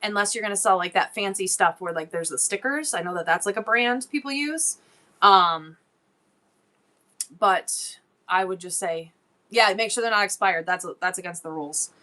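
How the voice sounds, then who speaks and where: Bright, chatty woman livestream host. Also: mid-range voice, moderate pace. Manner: rambling, tangent-prone, effusive thanks. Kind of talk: casual livestream chat reading viewer comments.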